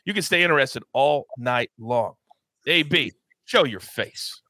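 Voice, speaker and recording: A man hosting a sports betting show, running through picks with hype, loud bursts and catchphrases. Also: mid-range voice, lively intonation, measured pace, dry recording. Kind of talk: energetic sports betting talk.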